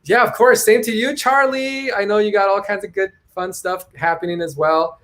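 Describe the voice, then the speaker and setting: A man's voice: high voice, steady tone, normal speed, fairly bright tone. Chatty man hosting a video call stream. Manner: chatty, thinks aloud with restarts. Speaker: live stream host. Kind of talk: casual chat.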